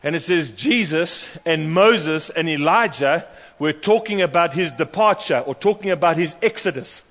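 High-voiced preacher in a hall. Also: male voice, moderate pace. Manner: animated, storytelling preacher who acts out voices. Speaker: pastor. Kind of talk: sermon. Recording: long hall reverb.

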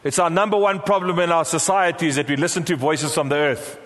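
A man's voice: on the high side, fairly even intonation, fast, fairly bright tone. A middle-aged South African man preaching a sermon as pastor, prompting the congregation to repeat phrases back to him. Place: large church hall. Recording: long hall reverb.

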